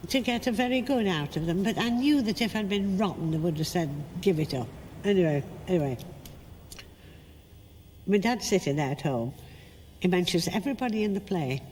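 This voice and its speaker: An older actress in an interview, telling lively stories and acting out the quotes. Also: female voice, sits low, big-room sound, a little hiss or hum. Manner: lively storytelling, acts out quotes. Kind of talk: reminiscing interview.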